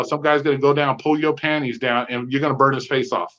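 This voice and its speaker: A man co-hosting a podcast, telling rideshare stories in a profane, animated way and acting out the dialogue. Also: medium pitch, a little fast. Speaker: podcast co-host, rideshare driver. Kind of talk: casual chat, storytelling. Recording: slightly dull lo-fi sound.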